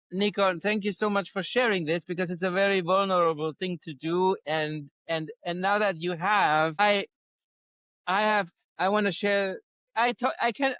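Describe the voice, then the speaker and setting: High-voiced male host, dull lo-fi sound. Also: normal speed, fairly bright tone, no echo. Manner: earnest, hesitant, restarting sentences. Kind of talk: casual interview chat.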